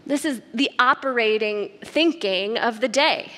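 Woman preacher, bright, slightly high voice, chatty storytelling sermon, long church hall reverb. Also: a little slow. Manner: conversational, animated storytelling with asides to the congregation. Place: church sanctuary.

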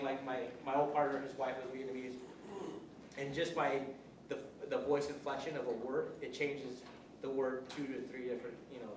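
A man's voice: medium pitch, background noise. A male police officer giving an informal workshop lecture, rambling and conversational with many restarts and acted-out examples. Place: college classroom. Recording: echoey room, mic far off.

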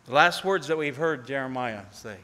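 A man preaching a sermon as pastor, earnestly, rising to pleading appeals and falling to near-hushed tones. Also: medium pitch, normal speed. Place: church sanctuary. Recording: long hall reverb.

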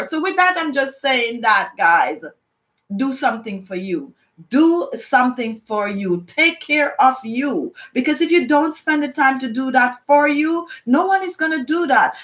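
Woman, fairly high voice, chatty live-stream host, casual talk into a camera at home. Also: fairly bright tone. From Jamaica. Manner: chatty, repeats "no joke" and "okay?", reads viewer comments aloud. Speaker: beauty vlogger hosting a live chat.

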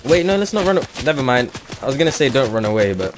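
A man's voice: mid-range voice, very animated, quick pace, background noise. A young man, joking and teasing a friend while playing a video game. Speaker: gamer. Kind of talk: casual gameplay chat. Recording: gunfire from the game behind.

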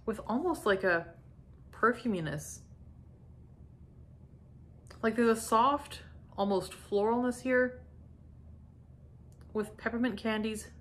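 A middle-aged woman from Canada chatting casually as she unboxes and sniffs candles, gushing softly and lingering over each scent. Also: a little high, slow pace, pauses often. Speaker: candle review vlogger. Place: home.

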